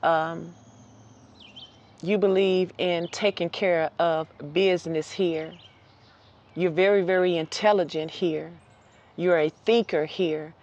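A woman's voice: on the low side, slow pace, pauses often, muffled recording. Chatty woman giving a tarot reading. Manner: lively, chatty, laughs often, repeats phrases. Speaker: tarot reader.

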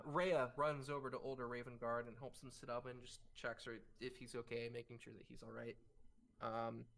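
A man's voice: mid-range voice, fairly bright tone. A man narrating a live tabletop game as game master, with many fillers and restarts. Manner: halting, frequent fillers and restarts. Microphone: streaming mic.

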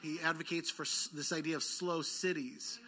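A man preaching a sermon as pastor, coaxing call-and-response from his congregation. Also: fairly high pitch. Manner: lively, quick bursts then slowed words. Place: church sanctuary.

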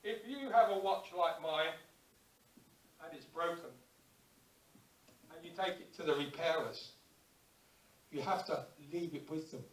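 A man preaching a lively sermon in a church, acting out little everyday scenes and prayers as he goes. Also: a little high, measured pace, pauses often. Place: church hall. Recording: echoey church hall, distant mic.

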